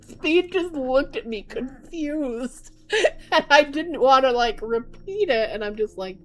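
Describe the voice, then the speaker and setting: Chatty young mom, laughing through stories. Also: female voice, sits high, a little slow. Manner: chatty, laughs often, animated retelling. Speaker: mother of young kids. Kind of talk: casual storytime vlog.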